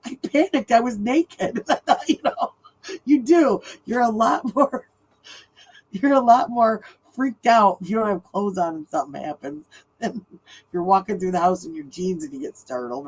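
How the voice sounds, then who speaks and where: A woman's voice: lowish voice, rough recording. A middle-aged woman hosting a true crime livestream, chatting casually and laughing often as she tells stories.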